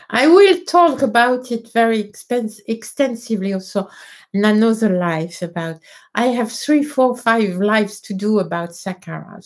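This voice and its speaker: A woman with a French accent, a native French speaker, hosting a casual live question-and-answer stream, hesitant with many fillers and restarts. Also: mid-range voice. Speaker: livestream host answering viewer questions.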